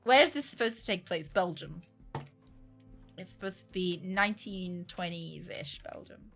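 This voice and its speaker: Young woman, bright voice, chatty and joking, faint music behind. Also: lowish voice, moderate pace, creaky. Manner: chatty, joking, laughs often. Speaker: streamer. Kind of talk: casual chat while gaming. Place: home room.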